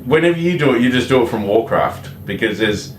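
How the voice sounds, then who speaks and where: A man's voice: medium pitch, expressive, brisk, recorded from a distance. A man co-hosting a casual livestream, joking, teasing and reading out viewer comments. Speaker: livestream co-host reading chat. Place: grooming room. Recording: roomy sound with air conditioning hum.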